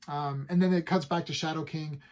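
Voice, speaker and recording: A comic book reviewer chats casually about comics he has read, upbeat and enthusiastic, loosely paraphrasing the characters. His voice is on the high side, brisk and steady, with a darkish tone. He rambles, full of fillers and restarts.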